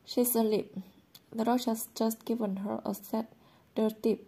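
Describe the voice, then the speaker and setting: A woman reading the lines of a worried but gentle mother in an audiobook, in a calm, soothing way. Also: fairly high pitch, unhurried, slightly rough.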